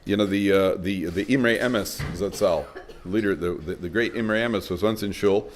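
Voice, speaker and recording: A middle-aged man, a rabbi lecturing a live audience, telling stories lively and acting out dialogue. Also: sits low, moderate pace, slight background noise.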